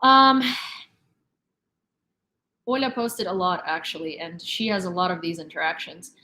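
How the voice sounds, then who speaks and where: A woman's voice: lowish voice, expressive, a little slow, pushed and bright, echoey room. A woman hosting her own channel, giving casual news commentary in a chatty way, full of fillers and restarts. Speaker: channel host.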